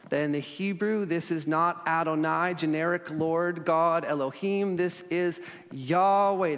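A man preaching a sermon as pastor, earnest, slowing for emphasis and dropping softly at line ends. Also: on the high side. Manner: earnest, with slow emphatic pauses and sudden soft drops. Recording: long hall reverb.

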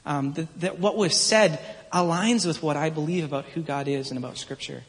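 A man in his thirties preaches in an easy, earnest, anecdotal way, his voice sitting slightly higher than typical for a man. He talks like a pastor chatting with his congregation. The sound rings out with a long reverb, as in a large church hall. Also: moderate pace. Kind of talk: conversational sermon.

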